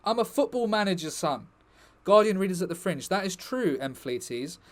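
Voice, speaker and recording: A man's voice: high voice, big pitch swings, normal speed. Chatty man wrapping up a stream. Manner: chatty, rambling, jokey asides to chat. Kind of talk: casual chat to stream viewers.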